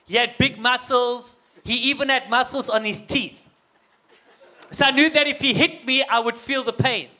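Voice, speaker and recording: High, bright South African man. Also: moderate pace. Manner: playful, gets the crowd to call back. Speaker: guest speaker. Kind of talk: humorous personal testimony to an audience.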